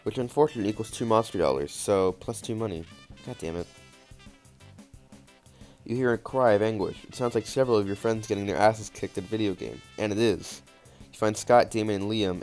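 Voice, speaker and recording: A man's voice: lowish voice, darkish tone. A young man playing a video game and reading its text aloud, with loose, joking, swearing commentary. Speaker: let's play gamer. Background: faint game music.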